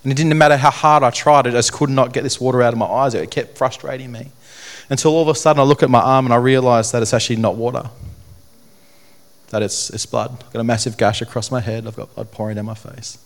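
Young man, earnest testimony speaker, halting and repetitive, mid-pitched voice. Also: steady tone. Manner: earnest, halting, repeats phrases. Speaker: speaker telling his testimony. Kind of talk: personal testimony talk to an audience.

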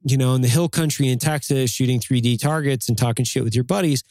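A man with an ordinary, middle-pitched voice talks bluntly and swears freely. He sounds like he is giving a motivational push in a casual podcast chat. The recording is dry and close, with no room sound. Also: quick pace, a little mellow, no echo.

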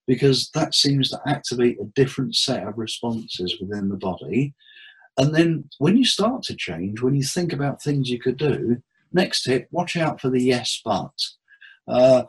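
A man, a therapist, giving tips in a relaxed interview with jokes and acted-out quotes. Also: medium pitch, moderate pace, breathy edge, rough recording. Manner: jokey, anecdotal, acts out quotes. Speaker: therapist and hypnotherapist guest.

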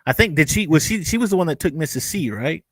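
A man with a slightly high, expressive, husky voice co-hosts a fan review podcast, chatting casually. He often stumbles over his words, restarting sentences and using lots of fillers. There's no echo.

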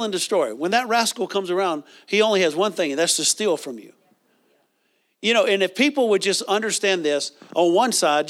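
Guy preaching a sermon, fairly high voice, gets animated, calls out to the crowd. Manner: animated, call-and-response with congregation.

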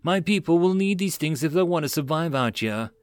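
A man's voice: on the high side, lively intonation, a little fast, smooth, dry recording, voice pushed up, close to an everyday voice. A man voicing a practical, cheerful male barbarian leader who speaks matter-of-factly.

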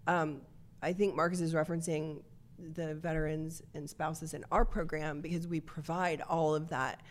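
A woman with a notably low voice tells her story as a podcast guest. She speaks earnestly and reflectively, in a conversational way. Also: level tone, normal speed, slight background noise. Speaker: nonprofit co-founder, guest.

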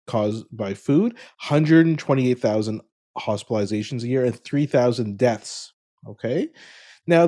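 A man co-hosting a podcast in casual chat, telling stories with laughs between sentences and explaining facts. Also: medium pitch. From family from India. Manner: animated storyteller, laughs mid-sentence. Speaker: podcast co-host.

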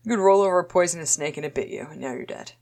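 A woman casually recapping a TV episode with a co-host, playful and quick to act out the characters. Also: lowish voice, gravelly, a little mellow. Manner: playful, acts out characters in quick voices, laughs often. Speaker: podcast co-host.

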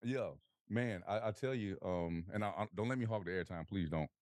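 A man's voice: fairly low pitch, brisk, dry recording, studio quality. A man in his forties hosting a podcast, chatting casually and telling stories with energy. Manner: animated storytelling, laughs often, acts out quotes. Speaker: podcast host. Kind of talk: casual conversation.

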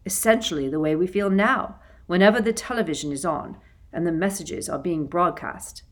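A woman reading an audiobook, voicing a wise older man explaining things calmly. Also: fairly low pitch, normal speed, close to an everyday voice.

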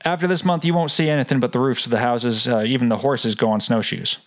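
A man's voice: mid-range voice, fast talker, close to an everyday voice. A man voicing a matter-of-fact rustic male village local with a put-on rural drawl.

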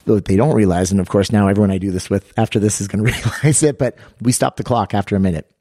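Man, low voice, dark mellow tone, energetic storyteller, podcast co-host, dry close sound. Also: quick pace, dry recording. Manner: energetic storyteller, acts out quotes with raised pitch. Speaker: podcast co-host and fitness coach.

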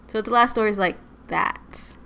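A woman's voice: medium pitch, normal speed, gravelly, sharp tone, slight background noise. A woman co-hosting a podcast, casually retelling eerie stories with lots of "like" and "right?". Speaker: podcast co-host. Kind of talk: casual storytelling chat.

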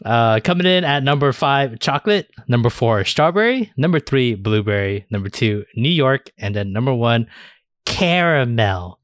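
A man hosts a loose podcast chat, cursing casually and filling pauses with "uh" and "like". His mid-pitched voice is recorded close and dry, with no room sound. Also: expressive, dry recording. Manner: swears freely, lots of fillers. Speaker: podcast host.

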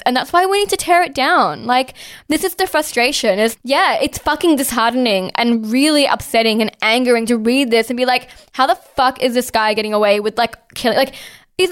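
A woman co-hosting a casual political discussion, talking in an impassioned way, swearing often and saying "like" a lot. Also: fairly high pitch.

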